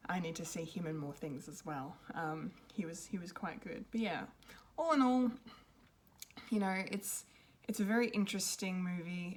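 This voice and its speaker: A woman's voice: lowish voice, normal speed. A woman giving an unscripted film review, rambling and hesitant, with many ums and restarts. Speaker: pop culture reviewer.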